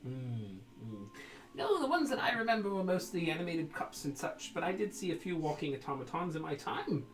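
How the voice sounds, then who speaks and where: Man doing a nosy old gnome, wildly swooping pitch, breathy whispers, echoey room. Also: big pitch swings, brisk. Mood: amused. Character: eccentric old male gnome, cheerful and nosy.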